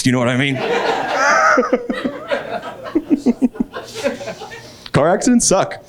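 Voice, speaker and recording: A man doing a stand-up set on a club stage, springing into loud acted quotes. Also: drawn-out words, pauses often. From Texas. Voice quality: animated, jumps high into acted quotes. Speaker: stand-up comedian. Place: comedy club stage, laughing crowd. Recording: live club with loud crowd laughter.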